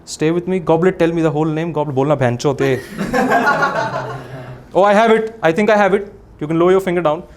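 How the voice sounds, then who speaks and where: Brisk and somewhat high-pitched, a young Indian English-accented man plays host at a live magic act. As comedian and magician, he playfully teases the crowd with theatrical on-stage commands.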